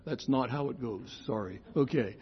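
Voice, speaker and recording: An older man lecturing on scripture in a chatty, digressive classroom way, often correcting himself and slowing to spell out key terms. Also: mid-range voice, husky, muffled recording.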